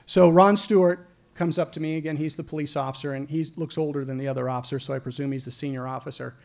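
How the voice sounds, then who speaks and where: A man from Idaho tells a true story from his own life to an audience. His voice sits a little on the high side. He is lively and swears freely, and he often stumbles into repeated words before pressing on. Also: fast, creaky. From Idaho, USA. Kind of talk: personal story told to an audience.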